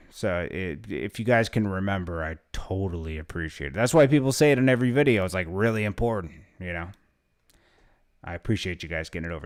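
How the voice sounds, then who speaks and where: A tired young man hosts a casual live stream with a fairly low voice. He talks in a laid-back, mumbling way, reads viewer comments aloud and trails off as he goes. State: tired, yawning. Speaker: livestream host.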